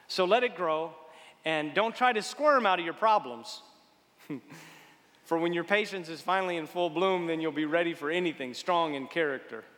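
A man preaching a sermon as pastor, impassioned and dramatic, swinging from loud fervent peaks to hushed, intimate passages. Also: fairly high pitch. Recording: church hall reverb.

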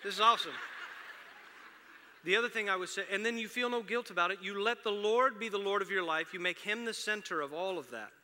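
Middle-aged preacher, man, higher voice, conversational delivery that swells loud then drops soft. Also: fast, hardly any pauses. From Houston, Texas area. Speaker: pastor. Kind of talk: sermon. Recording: long reverb of a large hall.

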